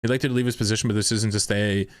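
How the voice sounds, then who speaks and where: A low-voiced man streaming and commentating casually, venting in exasperation and swearing as he reacts to posts. His voice comes across dry and close, with no room sound around it. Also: fairly even intonation, racing, no room sound.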